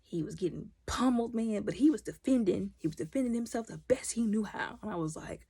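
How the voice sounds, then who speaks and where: A woman recapping a TV episode in casual, animated commentary, opinionated and talking back to the characters. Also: medium pitch, fairly quick, slightly rough, dry recording, studio quality. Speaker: video recap host.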